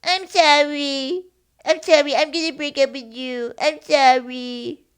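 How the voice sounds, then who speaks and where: Woman doing a whiny guy breaking up. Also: fairly even intonation. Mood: mock-sorry. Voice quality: high, drawn-out babyish whine. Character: young man dumping someone by phone, babyish.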